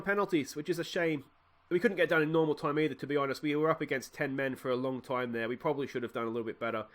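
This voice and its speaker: A young Australian man commentating his own football management game, swinging from loud shouts at near misses to quiet musing. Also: fairly high pitch. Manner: bursts into shouts at near misses, then drops to musing mutters. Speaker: gaming let's play host.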